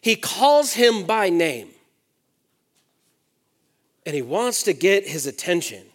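A man preaching a sermon to young adults, reading scripture aloud and swinging between emphatic peaks and hushed asides. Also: sits high, big pitch swings, takes it slowly. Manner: reads scripture aloud and acts out the quoted lines.

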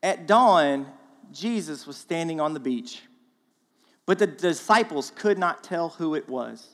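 Male guest preacher with a fairly high voice, casual and animated, recorded with a long church-hall echo. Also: unhurried. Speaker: guest speaker. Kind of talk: sermon. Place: church auditorium.

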